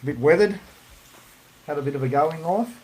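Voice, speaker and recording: A man's voice: on the high side, animated, a little fast, darkish tone, a little hiss or hum, low-quality recording. A man with an Australian accent hosting a podcast livestream, telling a rambling story and swearing freely. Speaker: podcast host.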